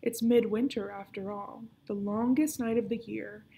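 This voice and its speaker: A loud, booming storybook villain, a grown man who sounds pleased with himself and drags his words out slowly, as a woman reads him. The voice is dark and gravelly. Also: fairly even intonation, a little hiss or hum, lightly acted. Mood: smooth. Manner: slow, grand and booming.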